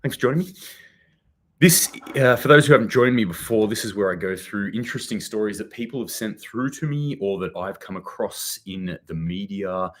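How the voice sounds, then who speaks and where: A young man hosting a preparedness news show in casual, rambling commentary, his voice a bit worn from a recent cold. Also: low-pitched. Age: young adult. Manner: rambling, swears casually, self-deprecating asides. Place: chilly new home office.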